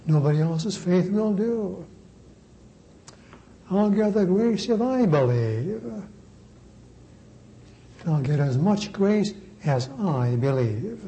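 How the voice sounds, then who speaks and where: A man, a priest, preaching a sermon with slow, emphatic repetition. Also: high-pitched, expressive, warm tone, low-quality recording.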